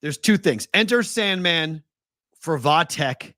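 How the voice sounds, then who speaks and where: Boston-accented male host, animated ranter, slightly high voice, dry close recording. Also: takes it slowly, no echo. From Boston area. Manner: animated ranting, swears freely. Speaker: sports betting show host. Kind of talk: casual sports talk.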